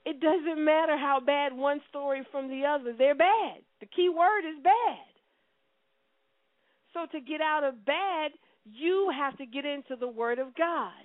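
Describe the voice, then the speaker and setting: A woman preaching a sermon with impassioned delivery, swinging from loud declarations to hushed, prayerful tones. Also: high-pitched, measured pace, no echo. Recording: tinny phone-like line.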